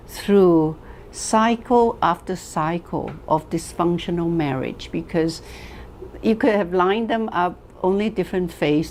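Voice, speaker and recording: A woman teaching a class, telling stories slowly and deliberately, asking rhetorical questions and repeating phrases for emphasis. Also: fairly low pitch, a little mellow, a little hiss or hum. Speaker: wellness teacher. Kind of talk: lecture to a class.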